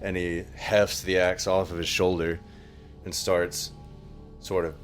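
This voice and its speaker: Deep, slow-talking game player. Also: male voice, flat delivery, soft background music. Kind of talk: casual game talk.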